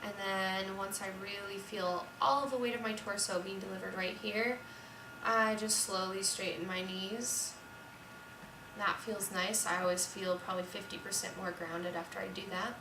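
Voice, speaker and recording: A young woman voice teacher calmly explaining and demonstrating a vocal warm-up at home. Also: medium pitch, moderate pace, noisy background. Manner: calm, explanatory, sings scale demos. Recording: roomy echo, voice from a distance, piano. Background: piano.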